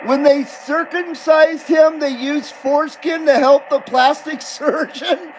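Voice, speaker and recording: A man's voice: very high-pitched, steady tone, slow pace, poor audio. A man running a live CB radio stream at home, talking bluntly, swearing freely and laughing often. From Nevada, USA. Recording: radio static hiss behind the voice.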